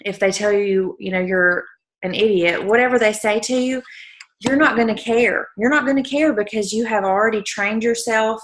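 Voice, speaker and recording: A woman's voice: fairly high pitch, steady tone, normal speed, a little hiss or hum. A woman leading a group call, giving an emotional, earnest motivational pep talk to her team. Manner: emotional, earnest, repeating points for emphasis. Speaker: team leader hosting a call.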